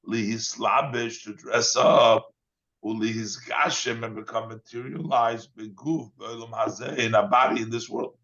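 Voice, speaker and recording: A man, a rabbi, giving a text study lesson, reading Hebrew phrases aloud and then explaining them in English with frequent pauses and fillers. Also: medium pitch, a bit bright, lo-fi sound. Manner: reads Hebrew lines then translates, with fillers.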